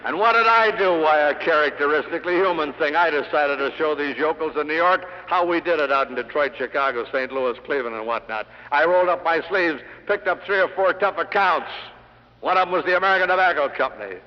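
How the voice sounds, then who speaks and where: A man's voice: a little high, a little fast. A middle-aged man giving an after-dinner sales speech to a hall audience, telling anecdotes with punchy, dry humor. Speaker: sales lecturer. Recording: dull 1960 LP of a hall speech.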